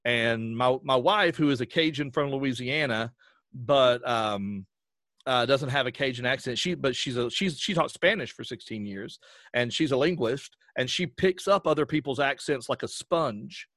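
A man's voice: medium pitch, normal speed, no room sound, studio quality. A man with a Southern Appalachian accent, a voice actor chatting as a podcast guest and acting out voices as he tells stories. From western North Carolina. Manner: animated storyteller who acts out voices. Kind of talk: casual chat.

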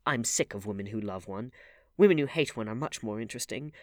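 A man voicing a haughty, nervy young gentleman who speaks in clipped, sharp bursts. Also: lowish voice, expressive, fast talker, no room sound, studio quality. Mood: cool.

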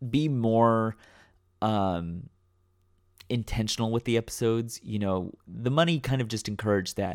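A man's voice: lowish voice, darkish tone, no echo, clean studio sound. A man hosting his own podcast, talking casually off the cuff with many fillers and restarts. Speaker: podcast host. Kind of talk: casual solo podcast talk. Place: home room.

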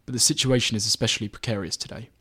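A man reading his own magazine article aloud in measured, even scripted narration. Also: medium pitch, breathy edge.

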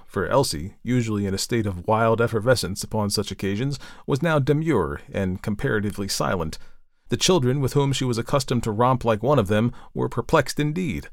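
A man narrating a classic novel in a measured, even reading style. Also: lowish voice, no echo, clean studio sound. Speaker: audiobook narrator.

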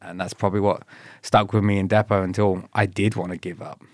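In a relaxed interview, a guest recounts his past in casual storytelling, swearing freely, laughing often and acting out people he quotes in retold dialogue. His voice is on the low side and fairly quick. The sound is dry and close to the mic, with no room sound.

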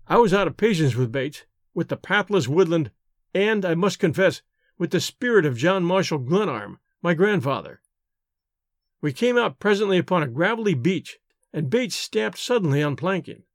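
A man narrating a novel aloud in an expressive, measured reading. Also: sits high, no echo, studio quality. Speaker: audiobook narrator.

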